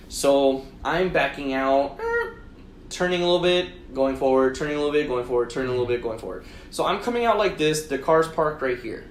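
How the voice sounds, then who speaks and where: A man co-hosting a podcast, telling a story in casual chat, swearing constantly and acting out his own shouted lines. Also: fairly high pitch, fairly quick, a little hiss or hum. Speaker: podcast co-host. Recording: roomy echo.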